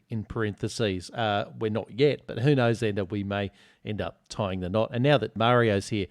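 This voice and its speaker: An Australian man hosts a podcast in relaxed, teasing banter. He reads listener reviews and ribs his co-hosts. His voice is close and dry, with no room sound. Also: lowish voice, normal speed, dry recording. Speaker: podcast host.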